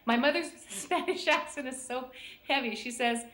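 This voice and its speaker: Brief: middle-aged American woman, bright-ish voice, chatty storyteller, echoey room. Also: high voice, normal speed. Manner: chatty, storytelling, laughs often. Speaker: guest, intuition teacher. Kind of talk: casual chat on a call-in show.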